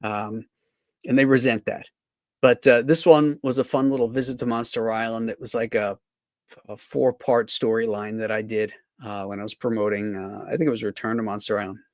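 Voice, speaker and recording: A man's voice: fairly low pitch, fairly even intonation, normal speed, no echo, clean studio sound. A man, a cartoonist, chatting casually on a livestream in a rambling, anecdotal way.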